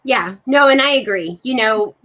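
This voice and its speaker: A woman's voice: fairly high pitch, normal speed, fairly bright tone, poor audio. A woman hosting a talk show over a video call, speaking in an earnest, affirming way. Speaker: show host. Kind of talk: hosted talk-show conversation.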